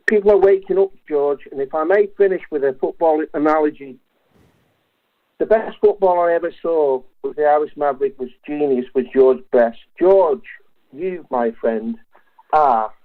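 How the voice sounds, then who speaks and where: A man calls in over a tinny phone line, his voice a touch high. He speaks earnestly and with feeling, returning again and again to the host's name. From England. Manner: earnest and impassioned, repeatedly addressing the host by name. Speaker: caller. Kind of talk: phone-in call.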